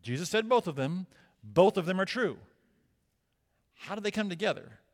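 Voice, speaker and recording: A man's voice: sits high, lively intonation, moderate pace. A male pastor delivering a sermon, conversational and emphatic, asking rhetorical questions. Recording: long reverb of a church hall.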